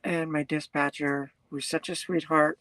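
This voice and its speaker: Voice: medium pitch, little pitch movement, a little slow, a bit bright, no room sound, low-quality recording. A truck driver talking casually to viewers on a live stream, rambling, reading comments aloud and laughing often.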